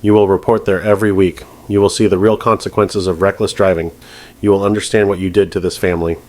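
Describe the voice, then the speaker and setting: A man voicing a stern judge who speaks in a calm, measured, precise way. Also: sits low, natural voice. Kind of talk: scripted narration.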